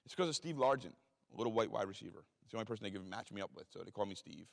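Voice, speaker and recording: East coast guy in his 40s, rapid-fire cussing storyteller, big echoey hall. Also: fairly low pitch, lively intonation, creaky. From Philadelphia. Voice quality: blunt, heavily profane, rapid street talk. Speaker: guest speaker. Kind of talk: storytelling talk. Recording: reverberant hall.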